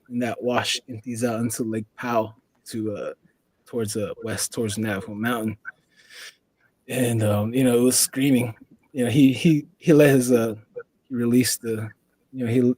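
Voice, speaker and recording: A man's voice: mid-range voice, darkish tone, no room sound, low-quality recording. A man from the Four Corners region of the US, a podcast guest telling a long story in a rambling way and leaning on "you know". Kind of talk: casual storytelling.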